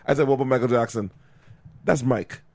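A man co-hosting a podcast in casual chat, an animated storyteller who laughs often and acts out quotes. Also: medium pitch, fairly quick, creaky. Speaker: podcast co-host.

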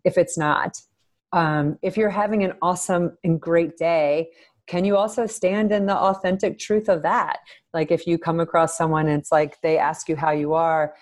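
A woman's voice: deep voice, darkish tone. A woman psychologist as a podcast guest, speaking earnestly and reflectively and thinking aloud with frequent fillers. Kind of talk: podcast interview.

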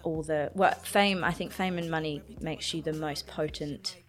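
A woman with a low voice talks through an album in a casual podcast. She is thoughtful and hesitant, stopping often on ums. Faint music plays behind her. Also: steady tone, normal speed. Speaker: podcast co-host.

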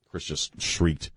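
A man hosting a talk radio show, rambling casually and joking at his own expense, then turning earnest about faith. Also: very noisy. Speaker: radio host. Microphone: studio mic with headphones.

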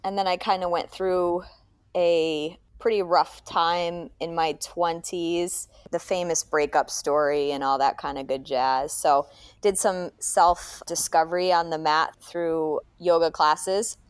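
Relaxed low-voiced woman in her thirties. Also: slow pace, clean tone, no echo. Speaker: podcast guest, yoga teacher and nurse. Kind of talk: casual interview chat.

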